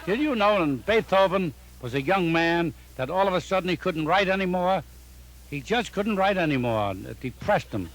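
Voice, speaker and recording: An older male comedian rattling off one-liners in a punchy, deadpan joke-telling style. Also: sits high, poor audio. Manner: punchy deadpan joke delivery with quick setups. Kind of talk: rapid-fire one-liner joke recording.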